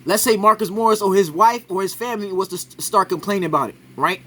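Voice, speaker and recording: Male reaction commentator, high bright voice, argumentative, peppers lines with "right?". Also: quick pace. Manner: argumentative, keeps adding "right?". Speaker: commentator reacting to a sports clip.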